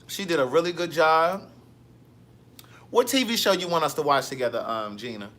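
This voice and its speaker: A man hosting a casual live stream, reading viewer comments with sassy, animated storytelling. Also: on the high side, moderate pace.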